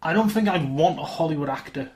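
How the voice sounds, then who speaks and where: A man's voice: a little high, animated, fast talker, darkish tone, echoey room. A man co-hosting a podcast in casual, playful and teasing chat. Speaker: podcast co-host.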